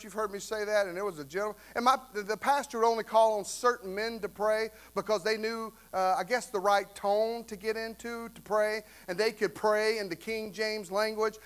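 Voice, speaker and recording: A man preaching a sermon in a conversational way, often checking in with "right?" and rising to loud, fervent bursts. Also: sits high, smooth. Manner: repeats "right?" to the congregation. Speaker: pastor.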